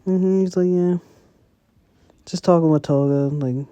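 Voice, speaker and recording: Casual male storyteller: deep, warm-dark tone, dry recording, loose and chatty. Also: fairly even intonation, measured pace, smooth, no room sound. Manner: rambling, full of "like" and "you know", slangy. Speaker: commentator retelling a story. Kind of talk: casual spoken recap.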